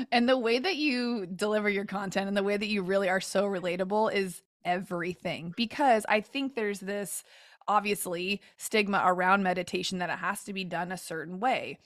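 A woman in her thirties hosts a podcast interview, sounding eager and chatty. Her voice sits at a medium pitch and is recorded close and dry, with no room echo. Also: normal speed. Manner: enthusiastic, lots of fillers. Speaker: podcast host. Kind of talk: casual interview chat.

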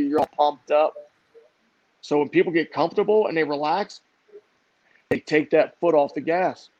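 A man's voice: on the high side, darkish tone, no echo. A middle-aged man, a motivational speaker and author, telling stories in an emphatic, repetitive, preachy way. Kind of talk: motivational storytelling interview. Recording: dull muffled dry audio.

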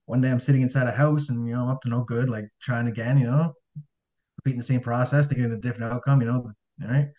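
His voice is medium-pitched and a little mellow, steady in tone and quick. Appearing as a guest on a podcast, he rambles through his life story in a casual way, loaded with fillers and acted-out dialogue. It's recorded in dull, lo-fi sound.

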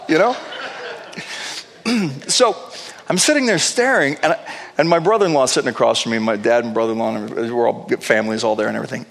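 A male pastor telling a story in a sermon, animated, with playful asides. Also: fairly high pitch, gravelly. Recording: long reverb of a large hall.

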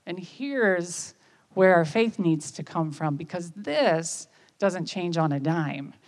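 A woman, giving a conversational sermon and often checking in with listeners with quick questions. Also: on the low side, expressive. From United States. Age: 50s. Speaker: speaker at church.

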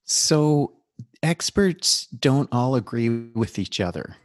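A man's voice: mid-range voice, slow pace, no echo, studio quality. A man telling stories as a guest on a podcast, joking and animatedly acting out quotes. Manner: animated storyteller, jokes and laughs, acts out quotes. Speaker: podcast guest, documentary filmmaker. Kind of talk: casual storytelling interview.

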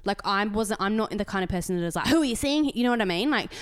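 Animated Australian woman telling a story. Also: medium pitch, racing, clean tone, dry recording, studio quality. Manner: animated storytelling, acts out quoted voices. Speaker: podcast co-host. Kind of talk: casual chat.

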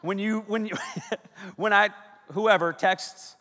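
A man's voice: sits high, slow pace. A male pastor preaching with humor, joking with the crowd and acting out bits of dialogue. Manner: joking, animated, acts out dialogue. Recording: long reverb of a large hall.

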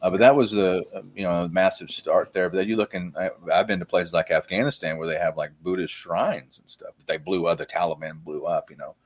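A man's voice: sits low, fairly even intonation, brisk, hardly any pauses. A middle-aged man hosting a podcast, chatting casually and rambling, with frequent fillers and restarts. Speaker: podcast host. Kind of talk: casual conversational chat.

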